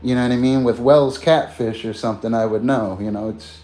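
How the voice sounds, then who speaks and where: A man's voice: medium pitch, fairly even intonation, fairly quick, dark tone. Rambling casual man chatting to viewers. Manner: loose and meandering, peppers talk with "man" and "bro"; chats directly to viewers, greeting them. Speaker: streamer.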